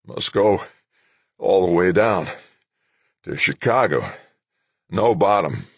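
A man doing a gruff, panting trapped astronaut. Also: low voice, expressive, takes it slowly, no echo, exaggerated voice. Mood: strained.

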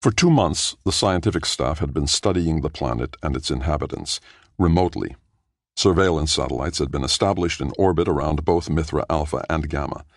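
A man narrating a science fiction audiobook in a measured, even storytelling manner. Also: rumbling low, no room sound, clean studio sound. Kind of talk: scripted narration.

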